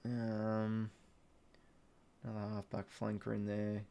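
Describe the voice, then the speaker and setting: A man's voice: on the low side, completely flat delivery, slow, gravelly, mellow, a little hiss or hum. A young Australian man hosting a live stream, chatting casually with viewers and muttering to himself while working through a quiz.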